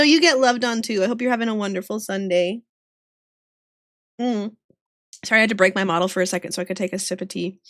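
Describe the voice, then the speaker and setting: A young woman chats with her livestream viewers while she draws, laughing often. Her voice sits a little high, with a faint Southern accent and a few New York vowels slipping through. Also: brisk, a bit bright, dry recording, studio quality. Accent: slight Southern US with some New York vowels. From American South. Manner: giggly, laughs often, chatty. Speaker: streamer drawing art live. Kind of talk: casual livestream chat with viewers.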